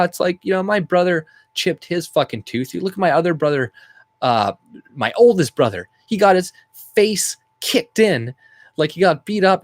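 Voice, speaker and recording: A man's voice: fairly high pitch, no room sound. A man who rants about politics in a heated, rambling way and swears often. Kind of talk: angry political rant vlog.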